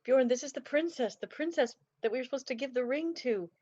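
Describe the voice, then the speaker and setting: A woman's voice: high voice, brisk, warm tone. A woman playing in a tabletop game, patiently explaining things to another player. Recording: dull lo-fi mic.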